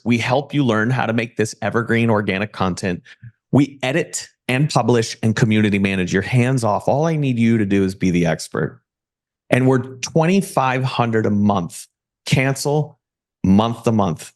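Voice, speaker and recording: A man giving a motivational talk and sales pitch about personal branding, with punchy rhetorical questions. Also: a little slow. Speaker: personal branding agency owner. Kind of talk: live presentation pitch.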